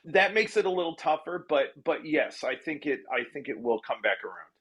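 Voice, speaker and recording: A man telling stories as a guest in a casual interview, his voice somewhat higher than most men's. He is chatty and self-deprecating, laughing often and restarting his sentences. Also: lively intonation, a little fast, fairly bright tone. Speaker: comedy television writer and guest.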